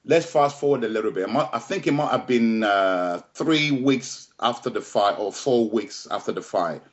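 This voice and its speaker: A man's voice: mid-range voice, animated, normal speed. A middle-aged man, a boxing trainer telling his story as an interview guest in an emphatic way, repeating phrases and checking in with "yeah?". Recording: slightly dull lo-fi audio.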